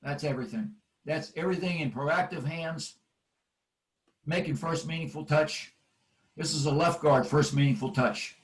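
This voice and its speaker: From a distance and on a low-quality recording, an older man with a slightly high voice speaks at a moderate pace. Coaching offensive linemen at a clinic over drill video, he stresses his points through insistent, recurring cue phrases.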